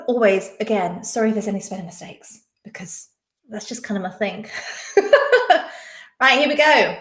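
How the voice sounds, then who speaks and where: Chatting casually on a live stream, a young woman hosts an online quiz at normal speed, her medium-pitched voice lively and a bit bright against an echoey room. She giggles a lot and reads comments from viewers out loud.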